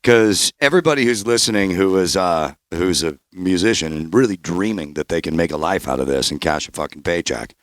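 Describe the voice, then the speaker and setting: Lively low-voiced man hosting a podcast. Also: a little fast, hardly any pauses, no echo, studio quality. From Bay Area, Northern California. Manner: animated, swears freely, rambling restarts. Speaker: podcast host. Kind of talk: casual interview chat.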